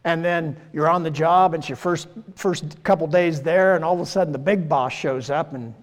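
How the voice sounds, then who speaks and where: A man in his sixties delivers a casual, folksy sermon, often tossing in "right?" and "you know". His voice sits a little high for a man. It rings with a long reverb, as in a large church hall. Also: steady tone, moderate pace. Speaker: preacher. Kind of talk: conversational sermon.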